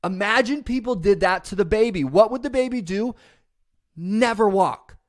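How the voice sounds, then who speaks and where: Casting note: male motivational speaker, fairly high voice, passionate and emphatic. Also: normal speed. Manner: passionate, emphatic, mocking voice at the start. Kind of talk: motivational talk.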